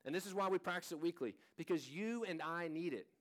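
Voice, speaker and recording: A man's voice: fairly high pitch, brisk. A man in his thirties preaching a sermon as a pastor, in an earnest, conversational way, often restarting his sentences.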